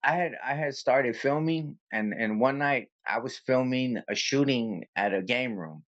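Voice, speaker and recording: A man tells his story in a loose, animated way and slips into the other side's lines as he goes. His voice sits in a middle range. The audio is dull and lo-fi. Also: mid-range voice, a little slow. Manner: animated, acts out both sides of arguments. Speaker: copwatcher guest. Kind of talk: casual storytelling interview.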